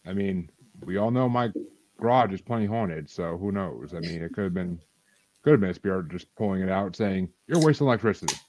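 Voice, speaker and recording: A man's voice: sits low, brisk, a little mellow, dry recording, low-quality recording. A man co-hosting a podcast, telling stories in a rambling, hedging way. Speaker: podcast co-host. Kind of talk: casual chat.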